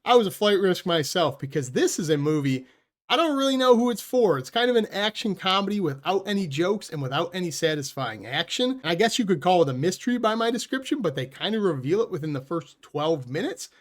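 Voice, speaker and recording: A man giving a casual spoken film review, blunt and sarcastic, with loose, chatty phrasing and quick self-corrections. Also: high voice, very animated. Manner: sarcastic, blunt put-downs. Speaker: movie reviewer.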